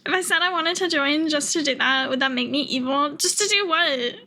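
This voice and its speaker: A woman's voice: high-pitched, a little fast, pushed and bright. A young woman streaming a game live, chatting casually, swearing freely and laughing a lot.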